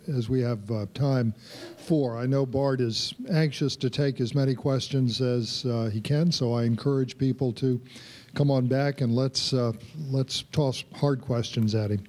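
A man hosts the question session at a talk in a mid-pitched, everyday voice. He speaks casually and keeps pausing on filler sounds. He repeats words as he goes. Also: darkish tone, a little hiss or hum. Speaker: moderator of the book talk. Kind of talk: hosting audience questions.

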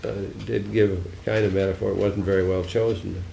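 Gravelly-voiced older man, dry wit. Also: low-pitched, level tone, fairly quick, dark tone, reverberant, slight background noise. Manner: dry, wry humor, musing and digressive. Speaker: senator answering audience questions. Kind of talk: political talk with audience Q&A.

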